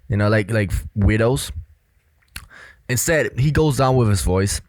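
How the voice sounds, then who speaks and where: A man's voice: on the low side, lively intonation, normal speed, a little mellow, no echo. A young man giving casual commentary as a body language coach, earnest, with many fillers. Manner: earnest, repetitive, filler-heavy explaining.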